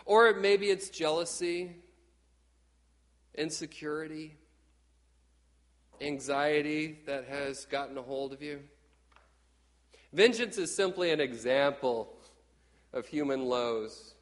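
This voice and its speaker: Man, middle-aged, from Texas, pastor, conversational sermon, slightly high voice, long hall reverb. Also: slow pace, long pauses. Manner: animated, conversational preaching with acted-out quotes.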